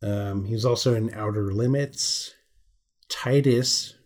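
A man's voice: fairly low pitch, slow, a little mellow. A man co-hosting a movie podcast, casually running through an actor's credits and swearing now and then. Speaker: podcast co-host. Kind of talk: casual chat.

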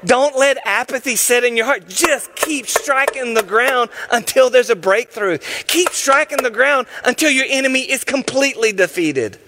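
A man's voice: very high-pitched, animated, normal speed, hardly any pauses, background noise. A man preaching a sermon in an emphatic, impassioned and urgent way.

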